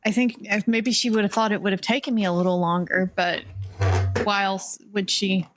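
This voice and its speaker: A woman's voice: medium pitch, fairly even intonation, normal speed, poor audio. A woman playing a tabletop game, speaking casually in a playful, hesitant way. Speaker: player.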